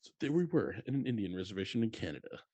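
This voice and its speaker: A man's voice: on the low side, sing-song, racing, mellow, no room sound. A man co-hosting a podcast, tossing in crude wisecracks during casual chat. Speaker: podcast co-host.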